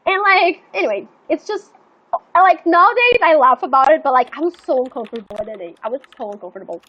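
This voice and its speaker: A young woman live streaming, telling a long story in a rambling, animated way, full of fillers and swearing. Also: high voice, fast talker. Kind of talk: casual storytelling chat. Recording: slightly muffled lo-fi stream audio.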